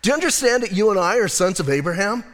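A man's voice: high-pitched, big pitch swings, quick pace, a bit bright. A male pastor preaching a sermon in a conversational way, teasing his congregation. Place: church sanctuary. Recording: long hall reverb.

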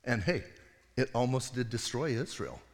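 A man's voice: medium pitch, animated, normal speed, in a large hall. A middle-aged male pastor giving a sermon, retelling the story in a casual, conversational way with acted voices.

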